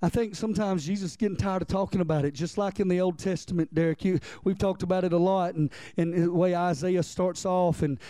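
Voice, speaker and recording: A pastor delivering a sermon in a high, mellow voice. He preaches in a conversational way, repeating key lines and checking in with the congregation. The sound is dry and close. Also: steady tone, a little fast, hardly any pauses, dry recording.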